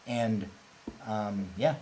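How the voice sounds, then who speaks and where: A man's voice: fairly low pitch, very slow, dark tone, slight background noise, poor audio. A man hosting a casual livestream, talking openly and rambling, laughing easily as he answers questions. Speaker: host, company representative.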